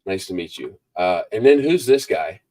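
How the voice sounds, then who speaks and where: A man's voice: low-pitched, sing-song, normal speed, a little mellow. A man hosting a book review show, chatting casually with a guest and rambling as he greets viewers and reads their comments aloud. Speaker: book review channel host. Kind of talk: casual live interview chat.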